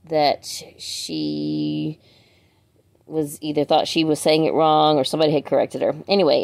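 A woman's voice: deep voice, a little mellow, dry recording. A woman, chatting casually as she unboxes books, reading out titles and asking viewers for pronunciation help. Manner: reads titles aloud, chatty asides to viewers. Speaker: book vlogger. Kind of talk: casual book unboxing chat.

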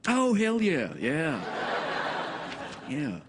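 A man's voice: a little high, huge pitch swings, drawn-out words, background noise. A man acting as a comedy sidekick on a late-night show, laughing and giving short replies. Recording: loud audience and band music.

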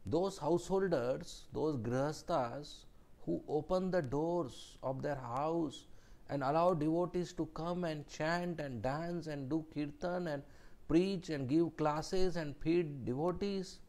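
A man tells a devotional story in a scripture class. His delivery is slow and deliberate. His voice sits fairly high, and he sometimes drops to a hush for emphasis. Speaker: speaker giving a scripture class.

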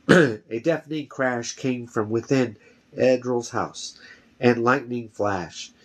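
A man reading a fantasy novel aloud at home, steady with small slips and corrections. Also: mid-range voice, slow. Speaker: reader.

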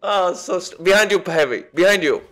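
A man's voice: medium pitch, very animated, slow, vocal fry, a bit bright, exaggerated voice. A man doing a celebrity impression while commentating a game, meandering and self-mocking and easily sidetracked. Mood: rambling. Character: slow, gravelly, rambling celebrity-impression man.

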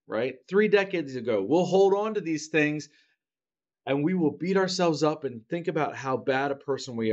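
A man's voice: on the high side, lo-fi sound. A man preaching a sermon in a church, talking conversationally and often checking in with the congregation. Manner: acts out children's grudging apologies.

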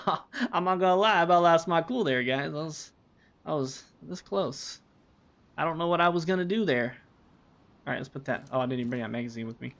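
Game streamer, male, gravelly, rambling and profane, dull lo-fi mic. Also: a little high, a little fast, fairly bright tone. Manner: rambling, swearing, talks to himself. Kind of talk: casual gameplay commentary. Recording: dull lo-fi recording.

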